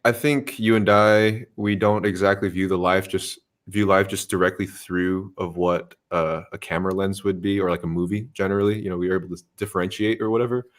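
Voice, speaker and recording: A man's voice: low-pitched, steady tone, fairly quick, hardly any pauses. An American man hosting a podcast, talking casually in a rambling way with lots of fillers and easy laughter. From United States. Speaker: podcast host. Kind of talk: casual conversation.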